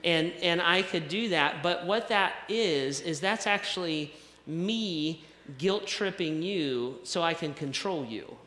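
Bright-voiced male pastor in echoey hall. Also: fairly high pitch, lively intonation, slow. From American South. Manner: conversational, self-deprecating preaching with repetitions. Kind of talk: sermon. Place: church sanctuary. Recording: echoey hall with long reverb.

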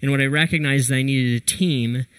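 A man preaching a sermon, telling a personal story in an animated way and acting out his own quotes. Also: medium pitch, brisk, smooth. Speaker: pastor.

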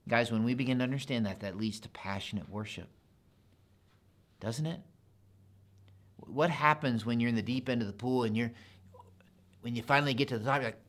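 A man preaching a sermon in a conversational, animated way, building to emphatic repetition. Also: medium pitch, a little fast, long pauses. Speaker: pastor.

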